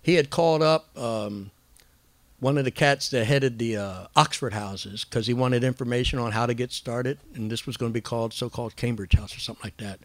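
A man telling his recovery story in a casual, rambling way, full of slang and fillers, who acts out other people's lines in a higher voice. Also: steady tone, fairly quick, dry recording. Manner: acts out quoted voices with raised pitch.

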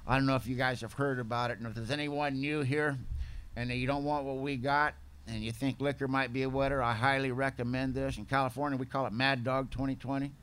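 A man's voice: mid-range voice, level tone, fairly quick, a bit bright, clear, resonant tone. A man telling his own story as a speaker at a recovery meeting, candid and plain-spoken. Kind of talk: personal testimony storytelling.

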